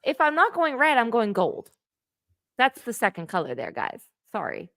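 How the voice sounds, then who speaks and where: A woman's voice: on the high side, huge pitch swings, moderate pace, a bit bright, no echo, clean studio sound. A woman, chatting on a livestream, enthusiastic and talkative, laughing often. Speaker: guest co-host. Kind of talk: livestream chat.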